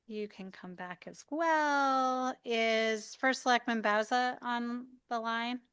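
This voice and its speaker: Smooth-voiced woman chairing a hearing. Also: a little high, slow, fairly bright tone, dry recording, clean studio sound. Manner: courteous, procedural. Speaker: committee chair.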